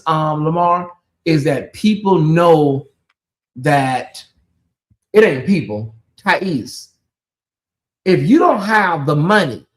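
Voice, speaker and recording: On his late-night gossip livestream, the host chats with his audience in a relaxed, rambling way. His voice is high and lilting, and he often breaks away into animated side comments.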